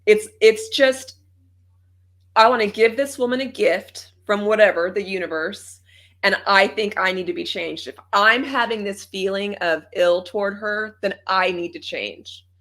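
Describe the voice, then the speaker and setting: A woman guest in a podcast interview, upbeat and quick to laugh. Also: mid-range voice, fairly bright tone. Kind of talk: conversational interview.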